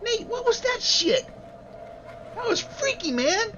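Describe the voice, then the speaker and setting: A man's voice: extremely high pitch, big pitch swings, slow pace, bright, forceful tone, voice pushed up, heavily acted. A man voicing a foul-mouthed, jittery street kid boy in a tabletop game. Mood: spooked. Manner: swearing, jittery. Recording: slightly dull, faint noise.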